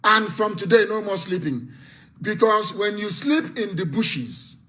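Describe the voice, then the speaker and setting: A man hosting a live call-in, his voice pitched high and bright. He speaks in a fiery, rousing way, scornful at times and rising into shouts. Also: animated, measured pace. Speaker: host of a live call-in broadcast.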